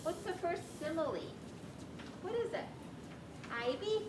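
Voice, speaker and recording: A woman's voice: very high voice, lively intonation, a little slow, noisy background. A woman teacher leading a classroom reading lesson, guiding students with questions. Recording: echoey room with clear background ambience.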